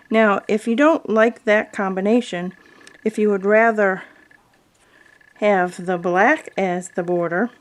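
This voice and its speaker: A woman teaching a quilting tutorial in a calm, explanatory way, talking through fabric choices as a voice-over. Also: medium pitch. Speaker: quilting instructor. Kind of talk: video tutorial narration.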